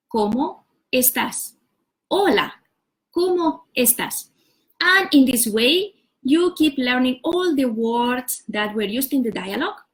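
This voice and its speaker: A woman with a slightly high voice walks through a topic in a relaxed livestream lesson. She explains patiently, step by step. She often pauses on "uh" and "so" before going on. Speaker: language teacher. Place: home setup for a live stream.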